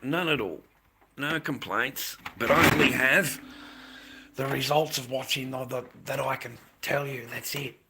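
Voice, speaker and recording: A man's voice: mid-range voice, unhurried, creaky, bright, forceful tone, slight background noise. A middle-aged man, livestreaming and chatting bluntly with viewers, swearing freely. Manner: swearing, aggressive, blunt, calls people mate. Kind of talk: casual livestream chat with viewers.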